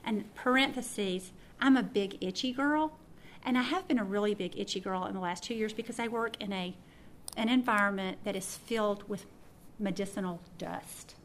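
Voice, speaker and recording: A middle-aged woman giving an informal sermon, telling a story and acting out her own thoughts with lively swings of voice. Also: medium pitch, slight background noise. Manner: animated, acts out her own thoughts and laughs. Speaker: speaker teaching a prayer practice.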